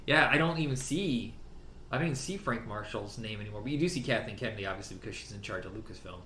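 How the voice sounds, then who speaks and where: A man in casual conversation about films, lively and profane, quick to laugh. His voice rings in a roomy space, with faint background noise beneath it. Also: lowish voice. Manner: animated, swears freely, laughs often. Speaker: podcast co-host. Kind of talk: casual film chat.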